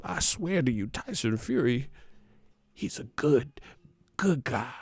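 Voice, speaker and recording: A man delivering a profane comedic rant, swinging between loud outbursts and hushed whispers. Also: mid-range voice, lively intonation, takes it slowly, vocal fry, slightly rough, no room sound.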